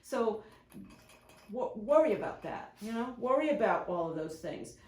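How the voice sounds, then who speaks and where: A woman's voice: medium pitch, big pitch swings, a little slow, a little mellow. A woman who is a professional dog groomer and shop owner, giving chatty, rambling how-to advice in a grooming salon. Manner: chatty and rambling, often acting out examples. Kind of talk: casual instructional talk to camera. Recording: echoey room.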